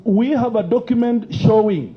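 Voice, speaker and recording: With a very high-pitched voice at normal speed, the Kenyan parliamentarian behind the impeachment motion argues emotionally and insistently before the committee, repeatedly interrupting others. The audio is lo-fi.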